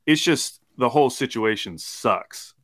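A man co-hosts a casual sports podcast in a bright, mid-pitched voice. He restarts his sentences often, repeating words while he gets going. The recording is dry and close. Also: a little slow, no room sound. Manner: animated, repeats words when starting a thought. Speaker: podcast co-host.

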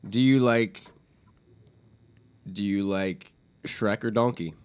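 A man's voice: on the low side, slow, clean tone. A young man co-hosting a podcast, chatting casually and asking playful, offbeat questions. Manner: playful, asks quirky questions. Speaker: podcast co-host. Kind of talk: casual chat.

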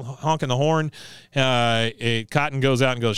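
A podcast co-host with a medium-pitched, slightly bright, clean voice speaks at a moderate pace in a dry, clean studio recording. In casual chat, he recaps a cartoon episode and acts out the characters' lines.

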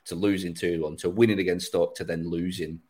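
Very deep-voiced man chatting about football. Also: little pitch movement, brisk, a little mellow, poor audio. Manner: chatty, rambling, laughs often. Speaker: podcast host. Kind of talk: casual football chat.

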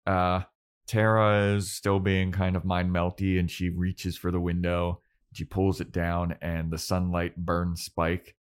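A man co-hosting a casual podcast, recapping a TV episode in a laid-back way. His voice sits low and deep. Now and then he jumps into a quick impression of the characters. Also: level tone, clean tone. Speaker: podcast co-host.

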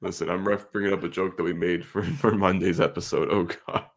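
A man's voice: sits low, flat delivery, brisk. A man co-hosting a podcast, bantering crudely and laughing a lot. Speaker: podcast co-host. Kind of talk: casual podcast chat.

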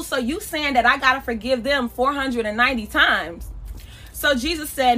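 A woman's voice: high voice, moderate pace, pushed and bright. A woman giving a casual sermon on a podcast, speaking in a conversational, emphatic and slangy way. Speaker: podcast preacher.

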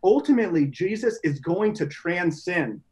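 An earnest young man speaks as a guest on a faith podcast, circling his points with restarts and "you know"s. His voice sits a touch higher than most men's. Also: lively intonation, moderate pace, a little mellow, poor audio. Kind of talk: reflective conversational interview.

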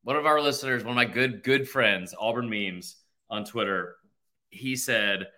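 A man in his thirties hosting a casual sports podcast, rambling and animated, full of asides. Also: medium pitch, normal speed. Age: 30s. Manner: rambling, animated, self-interrupting with fillers. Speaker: podcast host.

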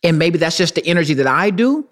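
A man co-hosting a casual podcast chat, an animated storyteller who laughs often. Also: on the high side, fast. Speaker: podcast co-host.

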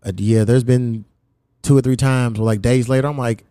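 A young man from hosting a podcast, telling loose, profane stories in casual chat and jumping his pitch high when he quotes someone. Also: fairly even intonation, moderate pace, dark tone, smooth, no echo. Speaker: podcast host.

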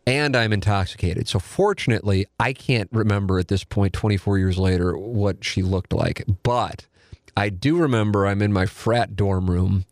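A man's voice: lowish voice, moderate pace, dry recording, studio quality. A man in his forties telling a rambling, self-deprecating story with casual profanity. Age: 40s.

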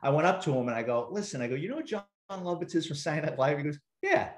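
A man's voice: on the high side, animated, racing. A middle-aged man, a retired police detective, casually telling anecdotes and acting out quoted dialogue, with casual swearing. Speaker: interview guest, retired police detective and author. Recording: roomy echo.

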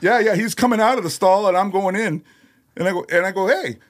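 A man's voice: high voice, fast talker, no room sound, clean studio sound. A man, a guest on a podcast, telling loose, rambling stories full of "you know" and "like" in casual conversation. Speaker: guest musician.

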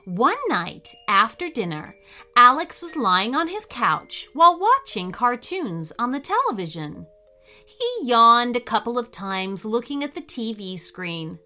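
A woman reads a children's adventure story in a slow, unhurried way with a very lively, sing-song melody. Her voice is bright and crisp, and soft music plays faintly underneath. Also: a little high. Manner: cheerful, animated storytelling. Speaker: podcast host and storyteller.

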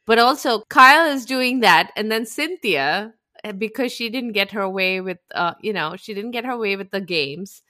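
A woman's voice: medium pitch, expressive, normal speed, bright, forceful tone. A young woman co-hosting a podcast in casual chat, confessional and sliding into quoted voices. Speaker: podcast co-host.

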